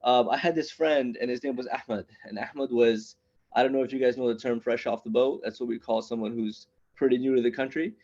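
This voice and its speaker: This stand-up set comes from a man in his thirties at a small open-mic venue online, talking in a conversational, rambling way and often restarting himself. His medium-pitched voice is steady, brisk, and a little mellow, heard through lo-fi sound.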